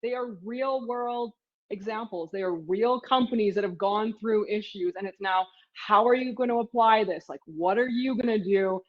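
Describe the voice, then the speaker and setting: A woman's voice: medium pitch, moderate pace. A middle-aged professor and author giving a casual slide presentation of her course materials, talking chattily with many fillers. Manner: chatty, many fillers like "you know" and "sort of". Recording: slightly dull lo-fi audio.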